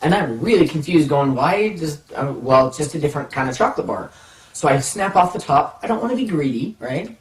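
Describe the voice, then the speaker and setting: Guy telling a funny story from when he was a kid, kinda high voice, roomy echoey sound, mic a bit far off. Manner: animated, drawn-out pauses, playful suspense. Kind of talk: personal anecdote storytelling. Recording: roomy, from a distance.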